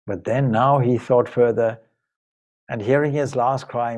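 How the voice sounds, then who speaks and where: A man's voice: medium pitch, fairly even intonation, unhurried, a little mellow. A man, a monk and spiritual teacher, emotively retelling an ancient epic in a spiritual talk. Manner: emotive, dramatic retelling with voiced dialogue. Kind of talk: storytelling talk of a sacred epic.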